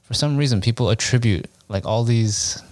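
A man's voice: mid-range voice, moderate pace, a little mellow, no room sound. A man in casual chat with friends, rambling and dropping "like" into nearly every phrase. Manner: rambling, many "like" fillers.

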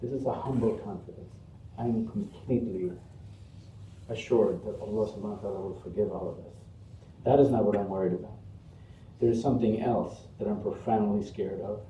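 A man's voice: lowish voice, fairly quick, mellow, slight background noise. A man delivering a Friday sermon in a mosque, speaking earnestly in rhythmic, building lists. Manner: earnest, rhythmic listing with rising emphasis. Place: mosque prayer hall. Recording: echoey hall, distant muffled mic.

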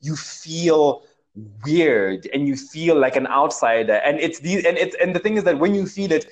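A man's voice: a little high, moderate pace, low-quality recording. A young man, telling a personal story in a casual chat and leaning heavily on fillers like "like". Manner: animated, filler-heavy storytelling with many "like"s.

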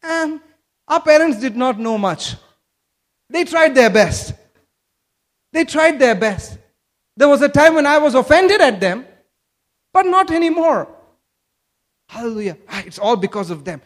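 A man's voice: extremely high pitch, lively intonation, a little slow, long pauses. A man from Kerala, India, preaching a sermon and asking the congregation questions. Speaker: pastor.

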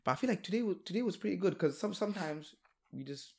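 A man's voice: sits high, quick pace, creaky. A young man co-hosting a casual podcast, telling stories with lots of laughter. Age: young adult. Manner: animated storyteller, laughs often. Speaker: podcast co-host. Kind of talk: casual chat.

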